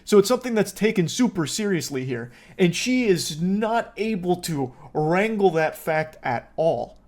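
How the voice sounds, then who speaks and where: A man narrating reaction commentary in a sarcastic, profane way. His voice sits a little high for a man and often tips into dry mockery. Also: very animated, measured pace, a little mellow. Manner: sarcastic, profane, breaks into laughter.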